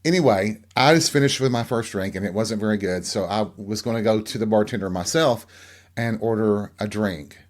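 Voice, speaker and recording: A man's voice: on the low side, normal speed. A middle-aged man from Tennessee, hosting a podcast alone in candid, campy, chatty storytelling. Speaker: podcast host. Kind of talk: casual solo chat.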